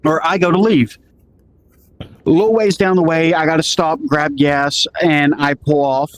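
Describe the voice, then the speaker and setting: A man's voice: a little high, steady tone, normal speed, low-quality recording. A man telling a story casually, acting out what each person said with lots of "he goes" and "I'm like". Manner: acts out quoted dialogue, lots of "I'm like" and "he goes".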